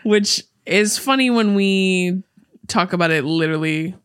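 A young woman co-hosts a podcast in casual chat, using lots of fillers and laughing often. Her voice is fairly low, clear and resonant, and she speaks unhurriedly.

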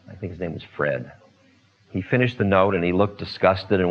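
An older man, a spiritual teacher, spins stories in an unhurried, meandering way, pausing on fillers and asides. His voice sits fairly low. The recording is dull and lo-fi, like old archival tape. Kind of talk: relaxed storytelling talk.

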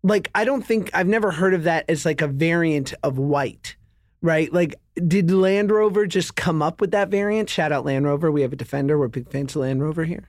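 A man's voice: fairly high pitch, normal speed, dry recording. A man in his thirties co-hosting a casual chat, joking and laughing often. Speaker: podcast co-host.

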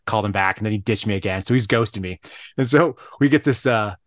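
A man co-hosting a podcast, telling animated anecdotes in casual chat, full of fillers. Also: lowish voice, quick pace, no room sound, clean studio sound. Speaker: podcast co-host.

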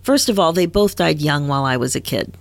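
A woman's voice: deep voice, expressive, brisk, vocal fry, no room sound. A woman in her fifties, a podcast host and midlife coach, telling her own story in a candid, conversational way with frequent laughs. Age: 50s. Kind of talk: personal storytelling monologue.

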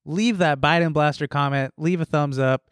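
Podcast dude rattling on quick, cussing lots, bit high voice, dry close mic. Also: male voice, clean tone, no echo. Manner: rapid, animated, swears a lot. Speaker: podcast co-host. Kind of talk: casual podcast chat.

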